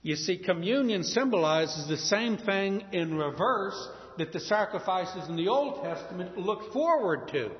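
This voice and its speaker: Impassioned male preacher in a hall. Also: high voice. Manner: impassioned, swings from hushed to loud. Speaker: pastor. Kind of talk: sermon. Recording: dull lo-fi sound in a reverberant hall.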